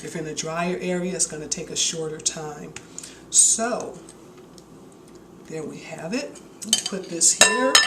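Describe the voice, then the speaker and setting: A woman's voice: on the low side, background noise. Enthusiastic woman in an echoey kitchen. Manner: enthusiastic, chatty, grateful. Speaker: cooking video host. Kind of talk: casual cooking demonstration. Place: home kitchen. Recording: echoey kitchen with dish clatter.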